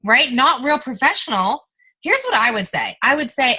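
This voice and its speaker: A woman's voice: high-pitched, very animated, unhurried, sharp tone, husky, low-quality recording. A young woman giving an emphatic motivational training talk to her team, coaching and addressing listeners directly.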